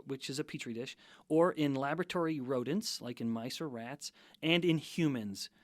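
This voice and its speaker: A man's voice: medium pitch, dry recording, clean studio sound. A middle-aged man, a scientist guest, explaining things methodically in an interview. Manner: measured, lecturing, methodical.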